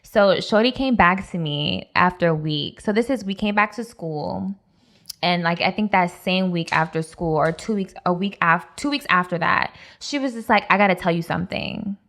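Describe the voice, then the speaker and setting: A young woman in her twenties, a podcast co-host, telling a personal story in casual chat, animated and laughing often. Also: lowish voice, moderate pace. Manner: animated, voices other people, laughs often.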